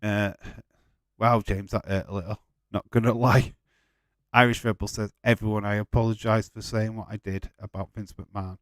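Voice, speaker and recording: A man's voice: lowish voice, little pitch movement, normal speed, no room sound. A man hosting a live watch-along stream, chatting casually, swearing freely and laughing while he reads viewer comments.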